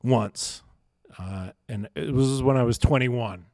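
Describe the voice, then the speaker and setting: A man's voice: medium pitch, slow, a little mellow, no room sound, studio quality. A man co-hosting a podcast, telling a story in casual chat with many fillers and frequent laughs. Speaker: podcast co-host.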